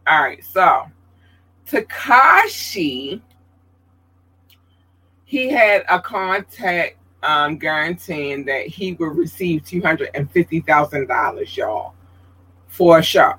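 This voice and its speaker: A man hosting a casual livestream podcast, chatty and expressive, talking straight to his viewers and reading out their comments, his voice leaping up high when he gets excited. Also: a little slow, breathy edge, poor audio. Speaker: podcast host.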